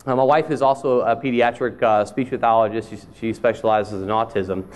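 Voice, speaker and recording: A man's voice: mid-range voice, fairly even intonation, fairly quick, a little hiss or hum. A man who is a speech-language pathologist, giving a conference presentation in a conversational, self-deprecating storytelling manner. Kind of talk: conference presentation with humorous anecdote. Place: conference hall.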